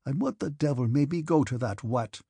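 A man's voice: mid-range voice, lively intonation, moderate pace, gravelly, slightly rough, no echo, studio quality. A man doing Denisov, a blustering hussar who can't roll his R's. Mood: rueful blustering. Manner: shouting, burred R's. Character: gruff hot-tempered young hussar officer who cannot say his R's.

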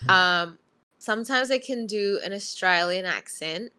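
A woman's voice: mid-range voice, a little slow, a loud crowd. A chatty woman with a mixed Bruneian American accent, talking casually on a podcast over a call. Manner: chatty, laughs easily. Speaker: podcast co-host. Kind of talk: casual chat.

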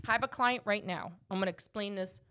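Passionate, bright-voiced woman mortgage agent. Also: mid-range voice, quick pace. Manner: passionate and emphatic, rants about her work. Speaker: mortgage agent and podcast host. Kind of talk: casual podcast chat.

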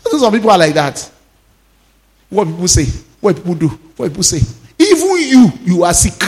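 This sermon comes from a Nigerian pastor in his fifties who tells stories with animation, laughs frequently and mixes Yoruba phrases into his English. His voice is high-pitched and his pace normal.

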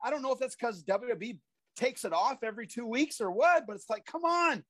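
A man in his forties with a notably high voice tells animated stories of his wrestling days and acts out the voices of the people in them. The sound is dry and close, with no room echo. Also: fairly quick. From Iowa, USA. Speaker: podcast guest, former pro wrestler. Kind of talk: casual interview storytelling.

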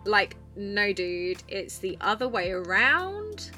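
A woman's voice: medium pitch, big pitch swings, takes it slowly, pushed and bright, soft background music. A young woman hosting her own podcast, telling club stories in a chirpy, bubbly way with plenty of swearing. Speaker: podcast host and club dancer. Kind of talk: casual storytelling monologue.

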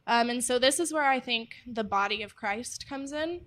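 Young woman giving a church talk, bright clear voice a bit high, lots of ums, real earnest. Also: normal speed. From United States. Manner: earnest, frequent ums, candid and personal. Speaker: church ministry speaker. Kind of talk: faith-based teaching talk.

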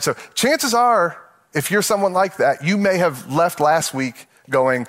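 Guy pastor preaching casual and jokey, kinda higher voice, does little voices for people. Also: unhurried, a bit bright. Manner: conversational and playful, acting out everyday voices with laughs. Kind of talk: sermon.

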